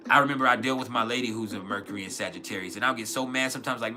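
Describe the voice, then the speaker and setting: A man's voice: medium pitch, steady tone, rapid-fire, sharp tone, soft background music. A man hosting an astrology livestream in a loose, rambling, profane way, full of fillers and restarts. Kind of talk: casual livestream chat.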